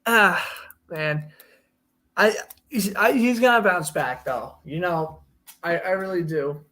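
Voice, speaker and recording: A young man with a high-pitched voice co-hosts a casual hockey talk show. He is opinionated and jokey as he runs through player signings. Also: slow pace, sharp tone. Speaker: podcast co-host. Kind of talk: casual sports chat.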